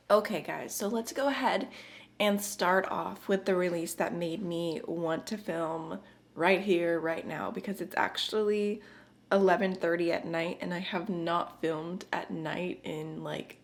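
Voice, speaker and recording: Hoarse, raspy woman vlogger, slightly low voice, chatty and upbeat. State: hoarse from a chest infection. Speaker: beauty vlogger. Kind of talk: casual chat to camera.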